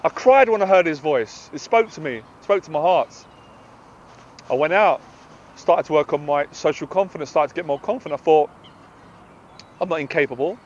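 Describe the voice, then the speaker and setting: A man's voice: on the high side, moderate pace, pauses often, muffled recording, slight background noise. A British man, a confidence coach, giving a passionate, emphatic motivational talk to camera outdoors.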